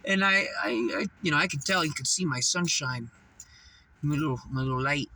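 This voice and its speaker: A man's voice: a little high, moderate pace, sharp tone, recorded from a distance, poor audio. Rambling, profane young-sounding man confessing. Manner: rambling, profane, emphatic, with restarts and laughter. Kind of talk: casual confessional monologue.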